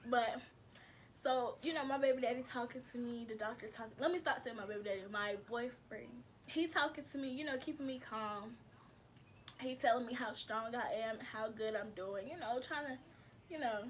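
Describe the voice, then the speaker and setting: A woman's voice: fairly high pitch, moderate pace, slight background noise. A woman vlogger casually telling her viewers a personal story, chatty and slangy, calling them y'all.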